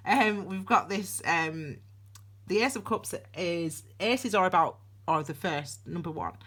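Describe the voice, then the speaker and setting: A woman's voice: on the low side, measured pace, a bit bright, slightly rough. A woman, giving a casual tarot reading to camera in a chatty, rambling way, laughing and restarting her sentences. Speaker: tarot reader. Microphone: camera on desk.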